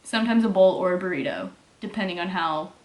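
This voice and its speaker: A woman's voice: on the low side, fast, roomy sound. A young woman from Texas with a mild Texas accent, chatting casually as she answers viewer questions, with lots of "like" fillers. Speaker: fitness vlogger. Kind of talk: casual Q&A vlog.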